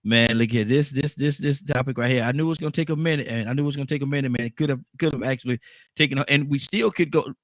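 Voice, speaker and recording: A man's voice: mid-range voice, very fast, no echo, studio quality. A man hosting a call-in radio talk show, playful and affirming as he steers callers.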